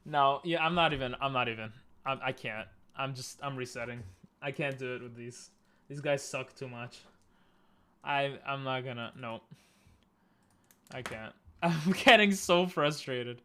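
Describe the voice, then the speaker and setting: A man streaming a game live from his room, talking to himself in halting, frustrated bursts with frequent restarts and laughs. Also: medium pitch, fairly even intonation, pushed and bright, clean tone. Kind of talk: live gameplay commentary.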